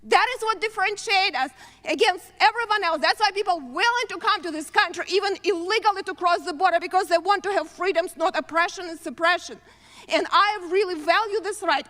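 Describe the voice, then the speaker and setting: A woman's voice: very high voice, sharp tone. Accented woman speaking in a reverberant chamber. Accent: foreign. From abroad. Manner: earnest, halting, emphatic. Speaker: congresswoman. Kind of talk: floor speech. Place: legislative chamber. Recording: long reverb of a large chamber.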